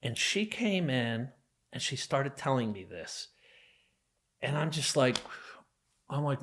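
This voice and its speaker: A man from New Jersey speaks as a guest on a podcast, recounting his life story in a casual, earnest way. His voice sits at an ordinary middle pitch, and he often acts out what people said to him. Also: very animated, slow, long pauses, fairly bright tone. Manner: casual and earnest, with frequent fillers and acted-out quotes.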